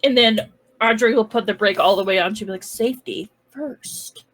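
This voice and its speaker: A woman's voice: mid-range voice, steady tone, quick pace, fairly bright tone, low-quality recording. A woman playing a tabletop role-playing game, chatting casually as she describes her character's actions. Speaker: player.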